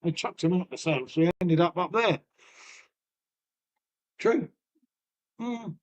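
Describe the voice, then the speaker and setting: On his own live stream, a Lincolnshire man with a local English accent speaks slowly, his high voice full of lively intonation, over dull audio. He's folksy, banters with chat, rambles, swears freely, trails off, and calls everyone mate, dropping in "mate" and "innit."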